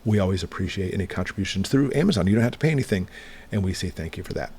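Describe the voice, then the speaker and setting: A man's voice: low voice, lively intonation, rapid-fire, a little mellow, breathy edge. A middle-aged man hosting a prepping channel, walking through gear in a casual, plain-spoken, reassuring way. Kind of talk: casual product walkthrough.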